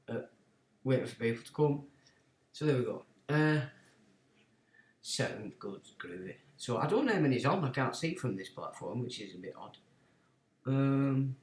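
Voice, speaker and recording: Chatty livestream host in an echoey room. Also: male voice, mid-range voice. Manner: chatty, fiddling with sound settings while talking to viewers. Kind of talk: casual livestream chat. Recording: echoey room with faint music.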